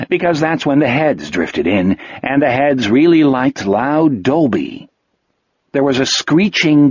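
A man narrating an audiobook in an expressive, vivid storytelling manner. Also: fairly high pitch, breathy edge, no room sound. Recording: dull lo-fi dry recording.

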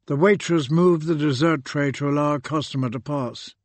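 A man reading an audiobook aloud in a calm, deliberate narrating voice. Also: on the high side, dry recording. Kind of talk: scripted narration.

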